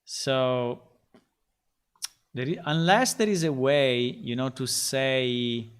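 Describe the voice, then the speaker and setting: Male game developer on a live coding stream: slow and halting, repeats himself, mid-range pitch. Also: smooth. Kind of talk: casual livestream talk while coding.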